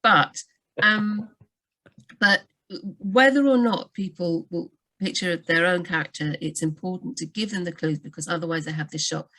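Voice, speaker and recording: Her voice is lowish as she answers writing questions in a live video-call Q&A, working as a book doctor. She comes across as lively, full of fast tangents and fresh starts.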